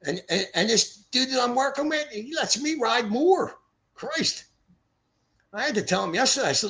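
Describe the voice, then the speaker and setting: An older Philadelphia man hosts a livestream through a streaming setup mic, rambling in blunt, profane casual chat. His very high voice is animated, bright and forceful, at a moderate pace.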